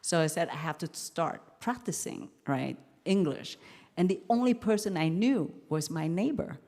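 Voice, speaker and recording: Woman, 50s, low-pitched, halting lecture delivery, hall reverb. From Vietnam. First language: French. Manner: halting, many restarts and fillers, animated quotes. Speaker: guest lecturer. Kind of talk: university lecture, storytelling.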